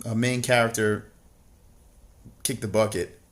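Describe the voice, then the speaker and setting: A man's voice: lowish voice, steady tone, unhurried. A man co-hosting a casual livestream, reading chat messages and rambling about a TV show with constant swearing and mocking jokes.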